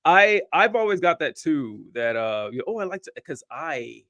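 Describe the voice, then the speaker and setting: A man hosting a casual podcast conversation, talking in an animated way with quick asides. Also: on the high side, no room sound. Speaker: podcast host.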